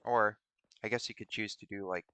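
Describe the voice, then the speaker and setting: A man's voice: lowish voice, steady tone, moderate pace, sharp tone, clear, resonant tone. A man hosting a stream in casual, rambling chat, musing aloud in a playful way. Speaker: streamer host.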